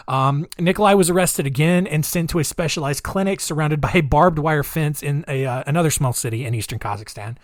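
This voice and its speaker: A man's voice: a little high, no room sound, clean studio sound. A man hosting a podcast, telling a true-crime story casually with a sarcastic, giggly, incredulous manner. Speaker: podcast host.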